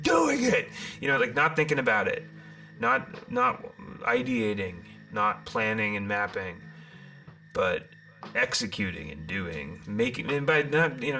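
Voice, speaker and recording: A man hosting a live-streamed tarot reading, theatrical and rambling, with loud bursts, muttered asides and many restarts. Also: mid-range voice. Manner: rambling with frequent restarts and fillers.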